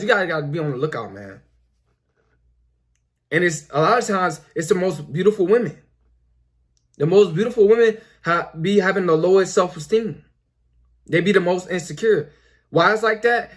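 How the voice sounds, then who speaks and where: Young male host, high voice, preachy and repetitive, filler-heavy casual monologue. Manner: repetitive, preachy, lots of "you know" fillers. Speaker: commentary video host.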